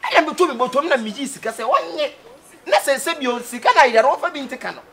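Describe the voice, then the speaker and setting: A man with a Ghanaian accent playing a boastful man who has come into money, talking loudly and bursting into laughing shouts. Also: very high voice, fast, a little hiss or hum. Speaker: comic film character. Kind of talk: Ghanaian comedy film acting.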